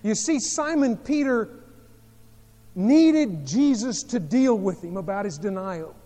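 Pastor, male, high voice, dramatic storyteller, long hall reverb. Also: lively intonation, takes it slowly. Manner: dramatic storytelling with sharp swings in volume. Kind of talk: sermon.

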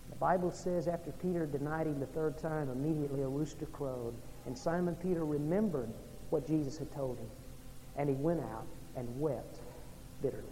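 A man from Oklahoma or Texas, a pastor preaching an evening sermon in a church, swinging between loud and hushed delivery. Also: a little fast. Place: church sanctuary. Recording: long reverb in a large hall, faint rumble.

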